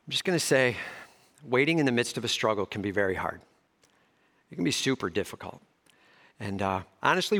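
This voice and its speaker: A man preaching a sermon who swings between emphatic raised passages and hushed soft ones, with casual slangy asides. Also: medium pitch. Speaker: pastor. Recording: long hall reverb.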